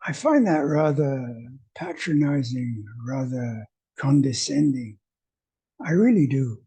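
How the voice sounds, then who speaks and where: A man teaching English to French speakers in a video lesson, speaking in a wry, deliberate way. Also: mid-range voice, animated, warm tone, breathy edge.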